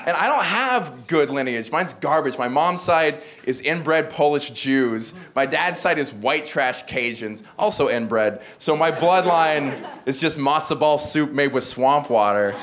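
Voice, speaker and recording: Man, stand-up comic, dry self-mocking delivery, slightly high voice, live show, audible crowd laughter. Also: lively intonation, measured pace, few pauses, noisy background. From American South. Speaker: stand-up comedian. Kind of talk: stand-up set.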